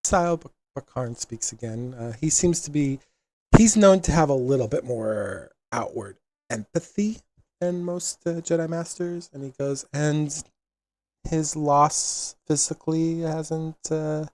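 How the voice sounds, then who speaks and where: Game master guy narrating, mid pitch, dry close sound, lots of uhs. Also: normal speed, dry recording. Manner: relaxed, filler-heavy narration.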